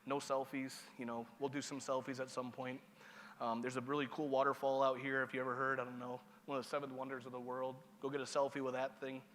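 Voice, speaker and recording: A man's voice: medium pitch, little pitch movement, fast talker, a bit bright. Casual joking man in a reverberant hall. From Seneca Nation. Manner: casual, joking, checks in with the audience. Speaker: master of ceremonies. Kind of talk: conference opening remarks. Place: large conference hall.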